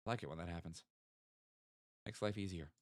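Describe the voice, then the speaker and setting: A man's voice: deep voice, fairly quick, dry recording, clean studio sound. A young man, chatting casually with viewers while playing a geography game and thinking aloud. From American South. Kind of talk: casual live-stream chat.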